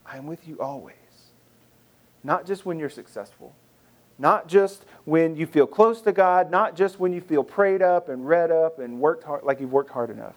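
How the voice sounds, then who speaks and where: A man's voice: fairly high pitch, normal speed. A man preaching a sermon in an earnest, conversational way, often repeating phrases and restarting. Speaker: pastor.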